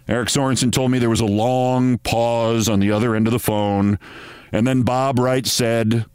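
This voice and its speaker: A man's voice: mid-range voice, fairly even intonation, moderate pace, a little mellow, clean tone, no echo. A man hosting a podcast, delivering scripted political commentary in a sardonic, emphatic storytelling manner. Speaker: podcast host.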